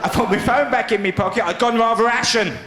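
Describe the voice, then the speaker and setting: A man's voice: very high voice, fast talker. A man with a Cockney accent doing a stand-up comedy set, telling a story and acting out voices, with an audience laughing behind him. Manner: animated storytelling, acts out voices. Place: comedy stage. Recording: roomy live venue with loud crowd laughter.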